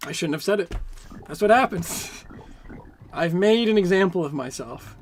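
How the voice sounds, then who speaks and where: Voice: mid-range voice, lively intonation, normal speed. A young adult game streamer chatting casually with their audience while playing, rambling in a sarcastic, self-mocking way. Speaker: game streamer reading chat.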